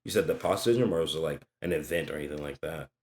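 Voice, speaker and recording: A man hosting a casual interview over a video call, slangy and joking, often trailing off quietly at the ends of his phrases. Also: very deep voice, rapid-fire. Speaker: interview host.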